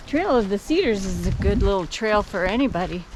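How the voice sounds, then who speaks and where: The speaker is an older woman with an expressive, mid-range voice, casually narrating a hiking vlog as she films a forest trail beside roaring water and points out the scenery. The recording is rough outdoor camera audio with clear rushing water and crowd noise.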